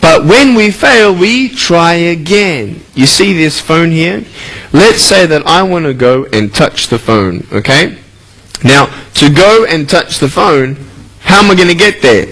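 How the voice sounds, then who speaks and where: Motivational speaker, male, high-pitched, upbeat, talks to children and keeps asking them questions. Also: a little slow, poor audio. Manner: playful, energetic, quizzes the crowd. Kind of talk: speech to a school audience.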